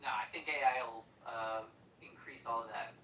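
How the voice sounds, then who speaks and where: A man's voice: medium pitch, steady tone, normal speed. Musing man on an echoey audio call. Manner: musing, hesitant, full of fillers and restarts. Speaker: audio chat room participant. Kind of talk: casual online group discussion. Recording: roomy, distant audio with faint noise.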